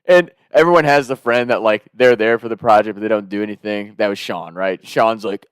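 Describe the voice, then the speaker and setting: A man's voice: medium pitch, fairly quick, clear, resonant tone, no room sound, studio quality. Profane young man telling stories. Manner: animated, profane, laughing often. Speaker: storyteller. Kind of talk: casual storytelling.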